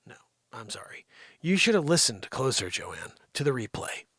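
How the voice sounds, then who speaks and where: A man hosting a live comedy stream, rambling and teasing an unseen sidekick with a steady stream of "you know.". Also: mid-range voice, moderate pace, husky, no echo, clean studio sound. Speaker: livestream comedy host. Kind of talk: improvised comedic rant.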